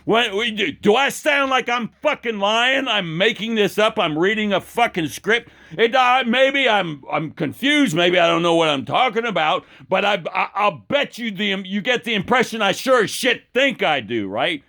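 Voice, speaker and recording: A man's voice: sits high, animated, moderate pace, vocal fry, few pauses, bright, forceful tone. A man delivering an angry, profane political rant with many stumbling restarts. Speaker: political commentator.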